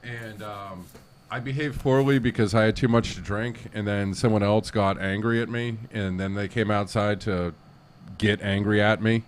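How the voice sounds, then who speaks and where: A man who is a comedian, a guest on a talk show, telling an animated and profane anecdote in casual chat. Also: on the low side, moderate pace, slight background noise. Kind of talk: casual storytelling in an interview.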